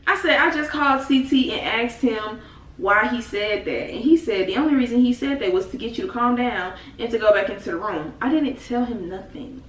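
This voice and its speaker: A young woman tells a storytime with lively, dramatic slang and a slightly high voice. She sits a little back from the mic in an echoey room, with faint noise behind her. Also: normal speed, recorded from a distance. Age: young adult. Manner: animated, dramatic retelling with slang. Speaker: vlogger. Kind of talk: casual storytime.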